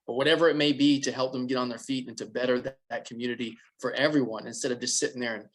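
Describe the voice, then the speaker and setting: A man's voice: medium pitch, steady tone, fast, fairly bright tone. A man co-hosting a podcast, talking bluntly and profanely in a rambling, casual political chat. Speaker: podcast co-host.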